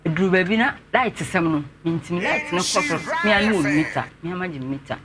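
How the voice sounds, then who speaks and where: A man's voice: high voice, animated, fast talker, background noise. Earnest Ghanaian man telling his story. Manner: earnest, respectfully addressing the host. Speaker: interview guest.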